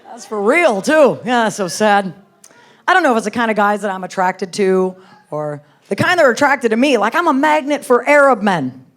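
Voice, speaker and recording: A woman doing stand-up comedy, brash and foul-mouthed in a loose, chatty way. Her voice sits a little higher than most women's. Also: expressive, normal speed. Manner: brash, profane, conversational.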